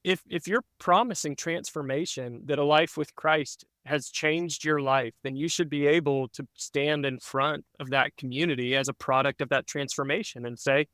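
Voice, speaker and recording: Smooth-voiced man, earnest storyteller. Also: fairly high pitch, steady tone, moderate pace, hardly any pauses, fairly bright tone, no room sound. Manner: earnest, reflective storytelling with frequent fillers. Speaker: pastor. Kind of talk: podcast guest telling a story.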